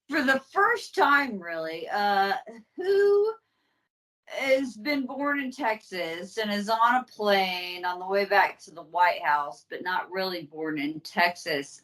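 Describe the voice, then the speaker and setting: A woman's voice: medium pitch, pushed and bright, distant mic, rough recording. A woman co-hosting a casual podcast, swearing freely and giddy with laughter as she leads the topic. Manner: profane, giddy, dissolving into laughter. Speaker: podcast co-host presenting the topic.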